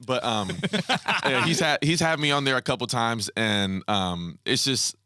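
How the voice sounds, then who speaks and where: A man's voice: medium pitch, unhurried, smooth, no room sound, studio quality. A man with an American accent, a guest on a podcast, chatting casually with lots of fillers and easy laughs. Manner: relaxed, laughs easily, filler-heavy. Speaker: basketball player guest. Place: podcast studio.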